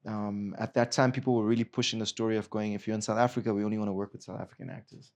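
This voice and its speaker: A man from Zimbabwe, an actor, telling stories from his career in a casual interview, lively and often laughing. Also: fairly low pitch, rapid-fire. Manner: animated, bursts into a put-on Nigerian accent and laughter. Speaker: actor guest.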